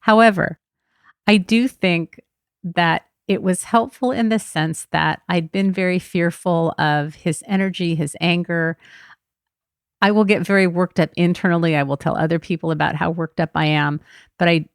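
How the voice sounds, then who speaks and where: A woman's voice: lowish voice, steady tone, moderate pace, clean tone, no room sound, studio quality. A middle-aged woman hosting a podcast, telling a personal story in a candid, reflective way. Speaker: podcast host.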